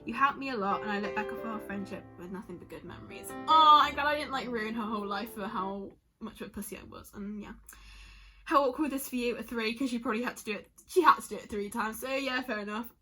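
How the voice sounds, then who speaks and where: Young girl vlogging, bright airy voice, chatty and rambly, bit of music in the back. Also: fairly high pitch, fast talker. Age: young adult. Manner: chatty and emotional, lots of likes and self-interruptions. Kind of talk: casual vlog chat reading out answers.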